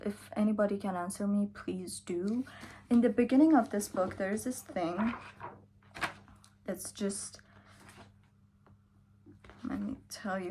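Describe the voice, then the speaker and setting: Slow-talking tired young woman vlogger. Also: medium pitch, a little mellow. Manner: chatty, slow and drawn out, sometimes drops to a whisper. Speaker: book vlogger. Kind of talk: casual vlog chat.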